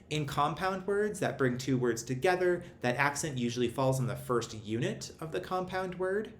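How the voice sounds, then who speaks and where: A man teaching a recorded phonics lesson, explaining syllable accents in a clear, methodical way. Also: medium pitch. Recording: roomy echo, faint background hum.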